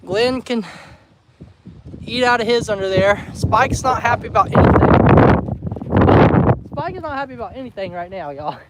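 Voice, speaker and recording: A man, chatting casually on a livestream from his homestead and coaxing his animals with soft, emotional talk. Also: high-pitched, animated, normal speed, long pauses, heavy background noise. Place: outdoors on a rural homestead.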